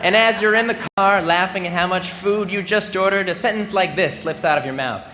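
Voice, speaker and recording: High-pitched, bright, and forceful, the young man talks a little fast. He's a graduating student in his twenties giving a humorous speech with mock-serious comic timing over crowd laughter, recorded in a large, echoing ceremony venue with faint background noise.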